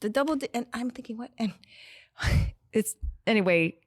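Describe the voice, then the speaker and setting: A middle-aged nonprofit director, guesting on a podcast in the studio, keeps the conversation casual, laughing frequently and wandering into tangents. She speaks a little slowly in a husky, fairly high-pitched voice, captured cleanly with no echo.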